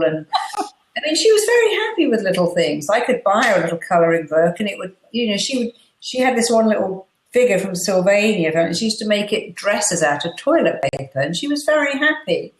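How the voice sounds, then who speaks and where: Animated woman in an echoey room. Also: mid-range voice, fairly quick, slight background noise. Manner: animated storyteller, acts out quotes. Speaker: guest therapist. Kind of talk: casual interview chat.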